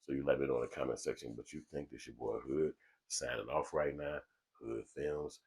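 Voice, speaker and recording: A man hosting his own vlog, talking to a small camera alone in a studio in a calm, low, mellowed-out tone, with loose street talk and swearing. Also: normal speed, vocal fry, slightly rough. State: relaxed from smoking. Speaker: vlog host. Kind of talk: casual commentary to camera. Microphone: small camera mic.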